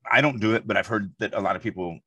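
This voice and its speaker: A man's voice: fairly low pitch, rapid-fire, pushed and bright, slightly rough, dry recording. A man co-hosting a podcast, chatting casually in an emphatic, rambling way full of asides. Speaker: podcast co-host. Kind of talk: casual chat.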